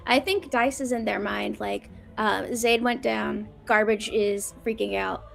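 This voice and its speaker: A woman playing a tabletop role-playing game, talking through her character's plans in an animated way. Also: measured pace, vocal fry, soft background music. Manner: animated, laughing, high-pitched character bits. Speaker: player.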